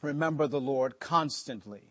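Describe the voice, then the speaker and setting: A man preaching a sermon in a conversational way, with joking asides and slower stretches for emphasis. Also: medium pitch, fairly bright tone. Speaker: pastor.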